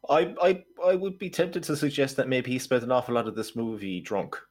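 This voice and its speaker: A man's voice: medium pitch, sing-song, fairly quick. A man co-hosting a film podcast, giving wry, sardonic commentary in casual review chat.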